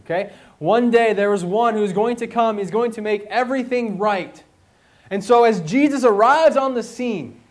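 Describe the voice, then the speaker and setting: A man preaching a sermon in a conversational, emphatic way, asking his listeners questions and slowing down on his key points. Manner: conversational, asks the audience questions; slow and emphatic, rising in pitch on key points.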